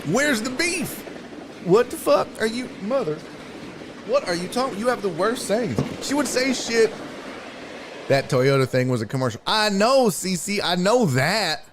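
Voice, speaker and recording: A man hosting a casual sports live stream, talking in an animated, incredulous way and swearing freely. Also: high-pitched, background noise. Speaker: sports show host and streamer.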